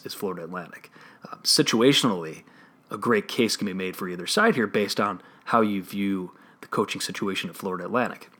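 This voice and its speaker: A man with a Chicago accent hosting a solo sports betting podcast, talking through analysis and often restarting his phrases. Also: fairly low pitch. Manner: analytical, restarts phrases, trails off quietly at ends.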